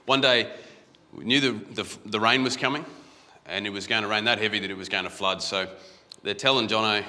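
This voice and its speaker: A man's voice: on the low side, a little fast, hardly any pauses, pushed and bright. A man with an Australian accent giving a casual, anecdotal conference talk from a stage, often restarting his phrases. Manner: conversational, anecdotal, repeats words when restarting. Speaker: conference guest speaker. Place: large conference hall. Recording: echoey conference hall.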